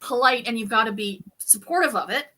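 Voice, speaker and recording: A woman's voice: a little high, a little fast, a crowd in the background. A woman co-hosting a casual chat, agreeable and reflective. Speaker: co-host.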